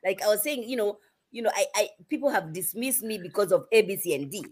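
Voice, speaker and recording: A woman's voice: mid-range voice, fast talker, a little mellow, breathy edge. A woman with a foreign accent arguing in a casual livestream chat, repeating herself and talking over the others. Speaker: co-host of a reality TV review livestream. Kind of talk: heated casual debate.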